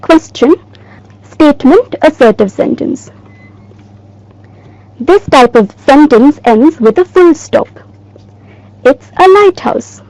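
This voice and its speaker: A woman teacher giving a recorded lesson in a slow, clear, emphatic way. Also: sits high, expressive, darkish tone, no room sound, low-quality recording.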